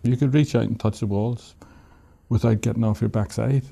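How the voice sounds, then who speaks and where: Gravelly-voiced Irish man, wry and reflective. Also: mid-range voice, steady tone, normal speed, dark tone. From Ireland. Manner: wry, reflective, often laughing while he talks. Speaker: author and interview guest. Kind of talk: reflective storytelling in an interview.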